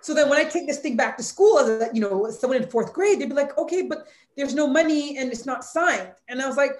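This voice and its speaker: A woman's voice: high-pitched, expressive, brisk, reverberant. A woman in her forties, an author speaking candidly and with heartfelt emotion in an interview. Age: 40s. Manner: candid and heartfelt, near tears at times. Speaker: author and former hurdler, guest.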